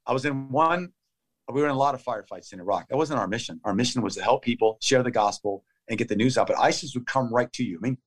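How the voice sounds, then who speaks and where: A man in his fifties being interviewed, telling a story in urgent, clipped phrases that come out in a fast play-by-play. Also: medium pitch, breathy edge. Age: 50s. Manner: vivid, urgent play-by-play retelling of combat. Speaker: interview guest. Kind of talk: conversational storytelling.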